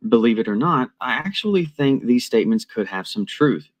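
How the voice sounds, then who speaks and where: A man reading a scripted commentary in a measured, deliberate and analytical way. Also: mid-range voice, very animated.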